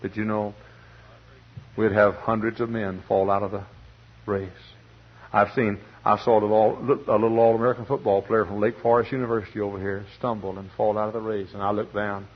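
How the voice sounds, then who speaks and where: A man in his forties preaching a sermon dramatically, swinging between loud bursts and hushed words. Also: lowish voice, level tone, brisk. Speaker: pastor. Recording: muffled archival radio recording.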